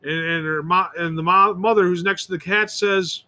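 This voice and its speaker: A man's voice: high voice, fairly even intonation, normal speed, few pauses, sharp tone. A man rambling through an opinionated solo monologue as host of his own show, often restarting and repeating words. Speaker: podcast host.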